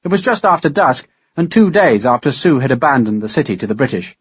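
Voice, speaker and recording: Husky guy reading an audiobook, lively pitch, dry dull sound. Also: fairly quick, no echo. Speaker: audiobook narrator. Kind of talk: scripted narration.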